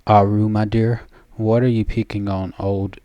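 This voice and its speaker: A man's voice: fairly low pitch, flat delivery, a little slow, no echo, muffled recording, close to an everyday voice. A man reading game dialogue aloud, voicing a cunning old hag who talks in a mocking, folksy old-crone way.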